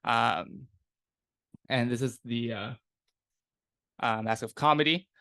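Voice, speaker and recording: A man narrating a tabletop game as game master, in a relaxed, rambling manner. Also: medium pitch, slow pace, gravelly, no echo. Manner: relaxed and rambling, with many fillers.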